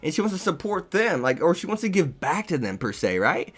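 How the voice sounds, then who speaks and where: A man giving a casual, excited, rambling review of an anime episode, laughing often. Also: high-pitched, a little fast, slightly rough.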